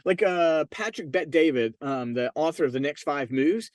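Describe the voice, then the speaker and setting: A man's voice: fairly high pitch, expressive, normal speed, darkish tone, dry recording. A man hosting a solo podcast, giving emphatic, persuasive business advice straight to his listeners. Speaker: podcast host and real estate marketing consultant.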